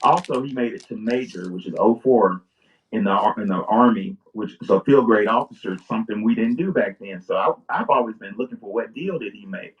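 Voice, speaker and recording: A man's voice: fairly low pitch, a little fast. A man joining a live stream as a guest scholar, speaking confidently in casual discussion. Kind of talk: casual discussion, reading a passage aloud. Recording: distant, muffled call audio.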